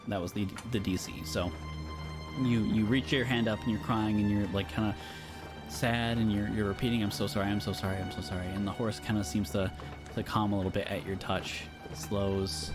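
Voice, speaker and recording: Relaxed low-voiced man running a game. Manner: laid-back, laughing, descriptive narration. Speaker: dungeon master. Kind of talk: narrating a tabletop game.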